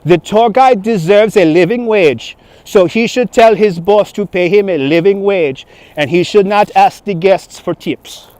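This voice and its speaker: A man putting on a mock French accent to play an arrogant, demanding male French tourist, speaking slowly and haughtily. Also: high-pitched, no echo, pitched above the performer's own voice. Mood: indignant. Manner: slow, haughty, loud. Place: outdoors on city streets. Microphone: phone on handheld gimbal.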